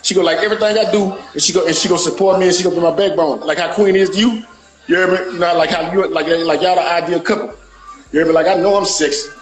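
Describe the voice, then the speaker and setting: Brief: quick, high-pitched man, loose rambling banter over faint music. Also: steady tone, low-quality recording. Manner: rambling, repeats "you hear me". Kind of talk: casual banter.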